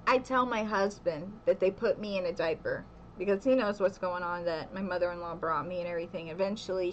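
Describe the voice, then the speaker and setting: A woman's voice: mid-range voice, lo-fi sound, slight background noise. A young woman telling a story in a casual vlog at home, chatty and laughing often, with "okay" again and again. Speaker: vlogger.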